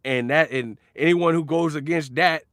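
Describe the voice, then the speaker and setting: A man ranting casually about boxing, animated and profane, laughing often. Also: on the high side, normal speed, dry recording, clean studio sound. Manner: animated, profane, laughs often, mocks others with sudden shouts. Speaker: boxing commentator.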